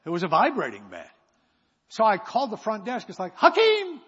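Husky-voiced man preaching in an echoing hall. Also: high-pitched, huge pitch swings, a little fast, fairly bright tone. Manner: rambling, self-mocking humor. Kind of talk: sermon storytelling. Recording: echoey hall, dull sound.

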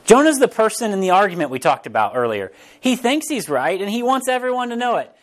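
A man preaching a sermon as pastor, in a casual, animated way, often restarting phrases and briefly acting out quotes. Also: sits high, a little fast. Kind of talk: conversational sermon.

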